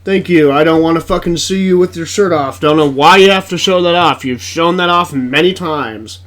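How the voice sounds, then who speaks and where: A man's voice: on the high side, normal speed, a bit bright. A man giving casual reaction commentary on a video, blunt and profane, exasperated and laughing often.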